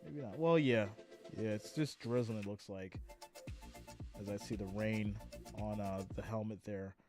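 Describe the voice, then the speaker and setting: A man's voice: fairly low pitch, fairly even intonation, measured pace, a little mellow, soft background music. A tired man hosting a live stream, calling the plays and reading viewer comments aloud in a chatty, laughing way. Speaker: live stream host doing play-by-play. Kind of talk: casual live play-by-play and chat reading.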